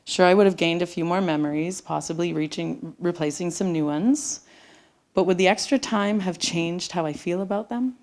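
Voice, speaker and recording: A woman's voice: on the low side, normal speed, darkish tone. A middle-aged woman telling a personal story live onstage, sometimes dropping to a near-whisper. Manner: intimate, drops to near-whispers at tender moments. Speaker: storyteller on stage. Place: theater stage before an audience.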